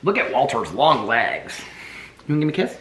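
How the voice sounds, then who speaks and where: Man vlogging from home, cooing baby talk to his dogs, loose rambling asides, very animated voice. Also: medium pitch, fairly quick, slight background noise. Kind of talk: casual daily vlog. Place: home, indoors.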